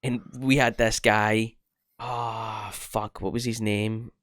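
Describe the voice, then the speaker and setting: A man's voice: lowish voice, slow pace, no echo, clean studio sound. Scottish young man telling stories animatedly. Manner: animated storytelling, lots of swearing and restarts. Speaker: podcast co-host. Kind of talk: casual chat.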